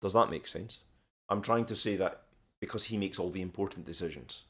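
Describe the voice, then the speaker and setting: A Scottish man chats on his live stream in a very deep voice. He answers viewers one by one, relaxed and unhurried, stopping often to restart his sentences. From Scotland. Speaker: live stream host teaching English and learning Korean. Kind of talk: casual live stream chat.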